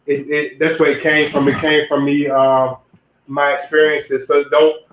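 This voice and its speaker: A young adult man livestreams casually, speaking straight to his chat while rambling about zodiac signs and relationships, repeating and restarting phrases. His voice is a little high and flat, with a measured pace. The roomy, phone-like lo-fi audio carries a little hiss or hum.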